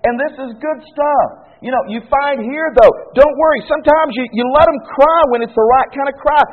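A man preaching a sermon to parents, emphatic and quick to repeat his phrases. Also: very high voice. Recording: tinny phone-like lo-fi recording.

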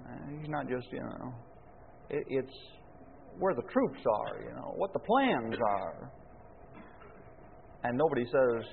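A man's voice: medium pitch, animated, takes it slowly, vocal fry, pauses often, slight background noise. A man preaching a sermon, folksy and full of rhetorical questions, chuckling now and then. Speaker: pastor. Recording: echoey hall, phone-like lo-fi sound.

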